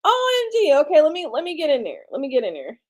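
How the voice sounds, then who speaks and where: A woman chats with her viewers late at night in a high voice. She sounds tired, and her speech is slangy and casual. Her pitch swings widely, from low murmurs up to sudden excited squeals. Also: rapid-fire. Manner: chatty and slangy, talks to viewers as y'all. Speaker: livestream host. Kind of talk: casual livestream chat.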